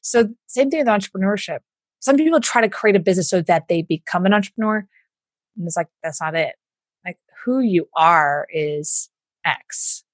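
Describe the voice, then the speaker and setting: A woman from the States, telling her story in an interview in an animated way, acting out what others said and laughing often. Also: medium pitch, moderate pace, no room sound. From Southern United States. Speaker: entrepreneur guest.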